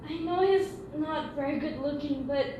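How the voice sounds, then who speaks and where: An actress playing a gentle elder sister, soothing and earnest in stage acting, recorded from a distance in an echoey room. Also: female voice, sits high, moderate pace, dull audio, noisy background, natural voice.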